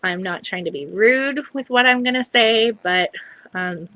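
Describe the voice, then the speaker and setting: A woman talks to her camera in a casual vlog, telling a story in a chatty, hedging way. Her voice is bright and clear. She often breaks off to quote what other people said. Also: a little high, measured pace, no room sound, low-quality recording. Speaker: vlogger.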